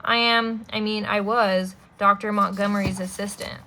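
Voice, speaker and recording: A woman voicing a scheming male villain who fakes grief, speaking in a high, fluttery, falsely polite voice. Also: level tone, normal speed, pushed and bright, slight background noise. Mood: sly.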